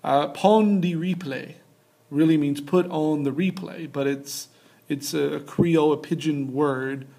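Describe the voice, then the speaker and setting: A man's voice: a little high, a little mellow. A young adult man giving a casual recorded geography lecture over slides, talking loosely with many fillers and restarts. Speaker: teacher.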